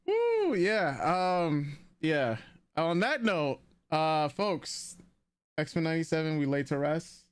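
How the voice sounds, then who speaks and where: A man's voice: fairly high pitch, big pitch swings, very slow. A man co-hosting a live anime commentary stream, rambling casually with lots of fillers and restarts.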